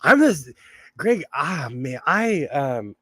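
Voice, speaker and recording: A man's voice: on the high side, very animated, takes it slowly, a bit bright, dry recording. A man hosting a casual sewing livestream, chatting, laughing often and reading viewer comments aloud. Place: home sewing room.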